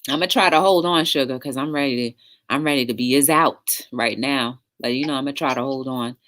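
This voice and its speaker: A woman's voice: rumbling low, brisk, a bit bright. A woman hosting a casual livestream talk show, chatting with viewers in the live chat and encouraging them.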